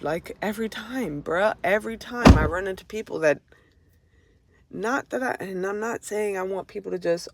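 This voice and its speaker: A woman in the middle of an unscripted vlog rant, her pitch sitting in a middle range. She talks bluntly and swears freely, stumbling and restarting as her frustration comes out. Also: moderate pace. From Florida. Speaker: vlogger.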